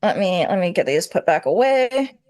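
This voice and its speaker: A woman's voice: on the low side, very animated, moderate pace, a little mellow, no echo, clean studio sound. A woman co-hosting a livestream in casual chat, matter-of-fact and wry. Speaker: livestream co-host.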